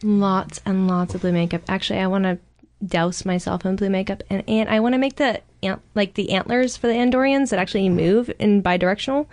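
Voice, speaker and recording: A woman's voice: mid-range voice, fairly even intonation, a little fast, darkish tone, no echo. A woman in her thirties chatting eagerly and casually on a podcast, rambling and swearing now and then. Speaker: podcast co-host. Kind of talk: casual chat.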